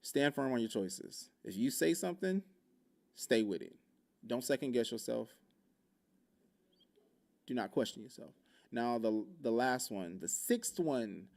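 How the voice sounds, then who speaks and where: A man's voice: medium pitch, creaky. A man hosting his own podcast, talking frankly and rambling, with heavy swearing and candid personal stories. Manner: rambling with self-interruptions. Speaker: podcast host. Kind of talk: casual solo podcast talk.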